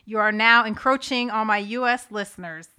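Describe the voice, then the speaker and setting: Bright, clear-voiced woman podcast host. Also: a little high, normal speed. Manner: upbeat, chatty, pleading with listeners. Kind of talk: casual podcast chat.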